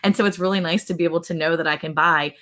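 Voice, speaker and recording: A woman's voice: on the low side, fairly even intonation, racing, a bit bright. A middle-aged woman hosting a casual live chat, telling rambling stories and acting out quotes. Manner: rambling storyteller, acts out quotes. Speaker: host.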